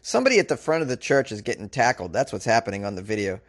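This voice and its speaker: A man's voice: lowish voice, very animated, very fast. A man hosting a podcast, giving comic commentary on a news story in a rambling, self-mocking, joking way. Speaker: podcast host.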